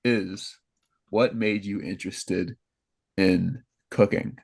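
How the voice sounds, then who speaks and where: Low-voiced young American podcast host. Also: male voice, fairly even intonation, takes it slowly, gravelly, slightly rough, no echo. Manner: rambling, self-correcting, laughing at own slips. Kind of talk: casual podcast chat.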